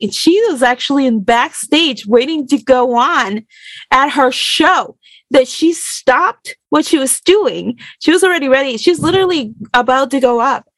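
A woman, a burlesque performer, telling a story in an animated, rambling way full of fillers. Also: high voice, no echo. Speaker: guest. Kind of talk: casual storytelling.

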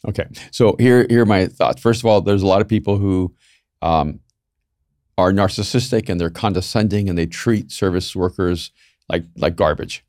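A man in casual podcast chat giving thoughtful, measured feedback, with the odd "um". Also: sits low, darkish tone, dry recording, studio quality.

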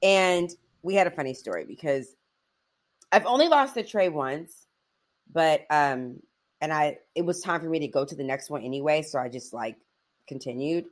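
A middle-aged woman hosts a casual podcast conversation with a somewhat low voice. She rambles easily, filling her talk with "like" and "you know" and laughing as she goes. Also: expressive, moderate pace. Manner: chatty, laughs often, lots of "like" and "you know". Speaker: podcast host. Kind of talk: casual chat.

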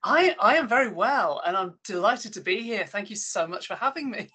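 A woman's voice: mid-range voice, lively intonation, moderate pace, bright, forceful tone, breathy edge. A woman author answering interview questions in an articulate, upbeat way. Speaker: author guest.

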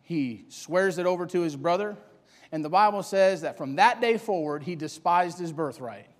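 A man with a high, ringing voice preaches a sermon, swinging between loud emphasis and quiet asides. His voice carries a long reverb, like a large church hall. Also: lively intonation, normal speed.

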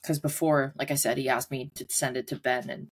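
A woman's voice: extremely low pitch, fairly even intonation, brisk, slightly rough. A woman co-hosting a podcast, telling a story in casual chat and laughing often as she talks. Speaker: podcast co-host.

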